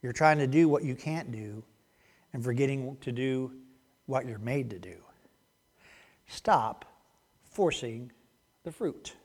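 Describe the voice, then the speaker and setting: A man's voice: mid-range voice, lively intonation, slow pace, pauses often, darkish tone, pitched below the performer's own voice. A man doing a folksy grape farmer. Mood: coaxing. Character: weary grape farmer talking to his vines. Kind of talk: storytelling within a sermon.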